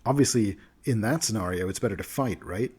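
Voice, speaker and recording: A blunt noble adventurer pressing hard for action, voiced by a man. Forceful and urgent, in a low, husky, dark voice. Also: lively intonation, brisk.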